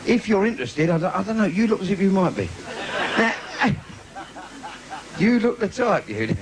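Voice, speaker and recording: A man's voice: sits high, very animated, normal speed. A man with a London accent doing a bawdy stand-up routine in a live theatre, bantering cheekily with the crowd and laughing at his own jokes. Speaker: stand-up comedian. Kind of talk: live comedy club routine. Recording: noisy 1980s live video.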